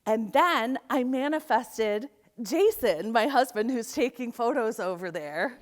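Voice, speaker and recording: A middle-aged woman gives a lively motivational keynote from a conference stage and speaks into a microphone. Her voice sits a little high, and she tells her stories with animation. She slips into the voices of the people in them now and then. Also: moderate pace. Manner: animated storytelling, acts out quoted voices. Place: conference hall.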